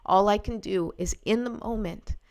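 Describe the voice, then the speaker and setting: A woman's voice: mid-range voice, normal speed, a little mellow. Woman, livestream host; earnest, emotional, on the edge of tears. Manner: earnest, emotional, greets viewers by name. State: close to tears. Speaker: spiritual live-stream host. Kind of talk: heartfelt livestream talk with card reading.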